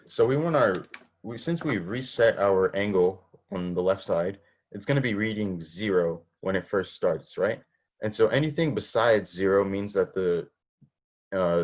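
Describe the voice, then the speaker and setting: Speaking a little slowly in a low voice, a male robotics instructor walks students through an online coding lesson one step at a time. He asks them questions and often restarts what he's saying.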